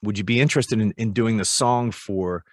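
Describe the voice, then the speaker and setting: American guy, low voice, jokey rambling storyteller, dry close sound. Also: normal speed, no room sound. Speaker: guest, musician and voice-over actor. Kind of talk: casual interview chat.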